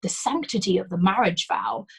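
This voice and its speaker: A stiff village priest with a flat, grave delivery, read by a woman. His tone stays earnest and stern. The voice is a little husky and breathy. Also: mid-range voice, normal speed.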